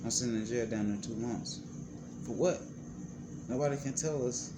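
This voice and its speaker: A man vlogging, telling his own story in a heated, emphatic and profane way, his pitch swinging widely as he talks. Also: normal speed. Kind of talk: casual storytelling to camera. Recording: clear background noise.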